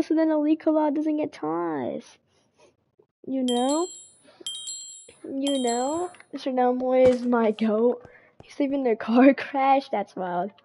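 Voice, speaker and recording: A woman live-streaming a game, chatting excitedly with viewers, rambling and often stammering and repeating words. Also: high-pitched, slightly rough. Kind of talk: casual live-stream chat.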